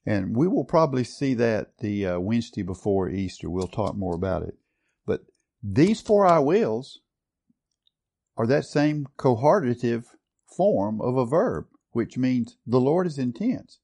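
A man's voice: mid-range voice, lively intonation, moderate pace, vocal fry, dark tone. A man preaching a sermon earnestly, building to strong stress on key words. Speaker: pastor.

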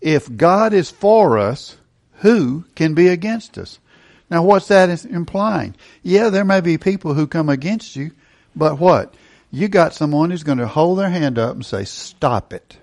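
Middle-aged male preacher, emphatic teaching delivery, slightly raised pitch. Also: animated, a little slow, darkish tone. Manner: emphatic teaching with rhetorical questions. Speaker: pastor. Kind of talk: sermon.

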